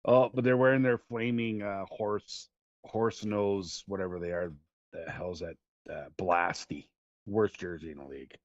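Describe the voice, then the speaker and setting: Male co-host, low voice, joking and grumbling sports talk, dry, slightly muffled audio. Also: steady tone, a little slow, dry recording. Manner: joking, grumbling about hockey. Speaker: podcast co-host. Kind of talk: casual sports chat.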